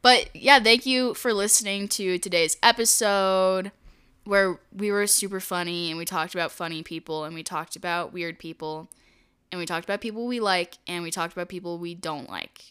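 A woman's voice: on the low side, normal speed, pushed and bright, clear, resonant tone. A young woman co-hosting a casual podcast over a call, laid-back and wry, often giggling. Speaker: podcast co-host. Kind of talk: casual chat.

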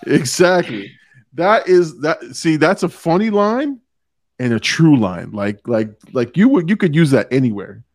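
Laughing podcast host, lively voice. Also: male voice, a little high, a little slow. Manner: laughs often, reads quotes aloud. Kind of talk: casual movie review chat.

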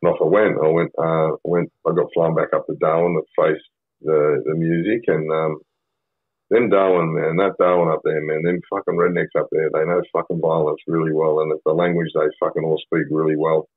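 Deep husky aussie bloke, swears a lot, rambles, sounds like he's on a tinny phone line. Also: level tone, normal speed, no echo. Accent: Australian. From Australia. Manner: blunt, sweary, rambling with many fillers. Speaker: podcast guest. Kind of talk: casual storytelling.

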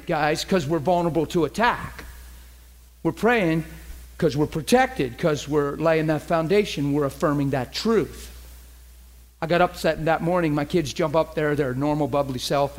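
A middle-aged man preaching a sermon, telling a story with lively quoted voices. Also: fairly high pitch, moderate pace. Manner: animated storyteller who acts out the people he quotes.

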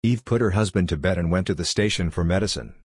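A man with a very low, husky voice reads a story aloud in a steady, even way. The recording is dry and close, with no room sound behind him. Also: quick pace, dry recording. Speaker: audiobook narrator. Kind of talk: scripted narration.

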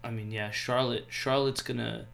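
Gravelly-voiced man chatting on a podcast. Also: mid-range voice, steady tone, normal speed, fairly bright tone. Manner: laid-back, laughs often. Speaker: podcast co-host. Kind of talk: casual chat.

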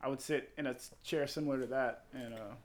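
A man telling crude stories in casual chat, animated and swearing a lot. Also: mid-range voice, fast, slight background noise. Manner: crude, animated storytelling with acted quotes.

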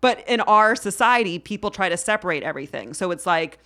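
A playful woman talks as a podcast guest, with a voice pitched lower than most women's. She chats loosely and keeps sliding into a mock-formal tone. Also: animated, fairly quick, pushed and bright. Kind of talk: casual podcast chat. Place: podcast studio in Queens.

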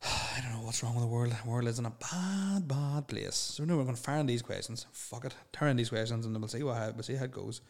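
Sweary young podcaster. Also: male voice, mid-range voice, brisk, a little mellow. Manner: sweary, blunt and rambling. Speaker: podcast host. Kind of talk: solo podcast chat.

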